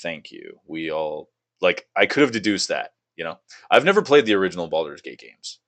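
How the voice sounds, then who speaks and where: Young guy w a really low voice, casual gaming podcast host, swears a lot. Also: very animated, brisk, fairly bright tone. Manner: loose and profane, laughs often, reads game blurbs aloud.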